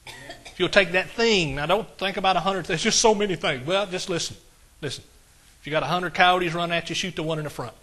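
A man's voice: sits high, fairly quick, sharp tone. A man preaching a sermon, folksy and conversational, with asides to his congregation. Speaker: pastor.

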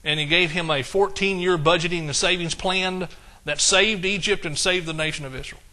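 A man's voice: sits high, normal speed, sharp tone. A middle-aged man with an East Texas accent preaching a sermon in a folksy, exclamatory way, quoting scripture. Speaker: pastor.

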